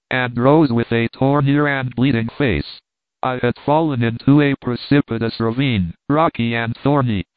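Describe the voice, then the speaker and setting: A man reading an adventure novel aloud as a measured storybook narration. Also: medium pitch, no room sound. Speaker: audiobook reader. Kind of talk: scripted narration. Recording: dry, tinny phone-like sound.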